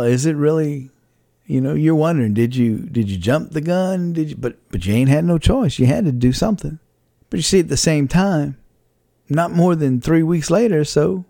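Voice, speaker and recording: Podcast host, male, gravelly mellow voice, loose conversational monologue with chuckles, dry room. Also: mid-range voice, no echo. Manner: conversational, rambling, chuckles often, faith-based reflection. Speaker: podcast host and radio broadcaster. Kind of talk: personal reflective monologue.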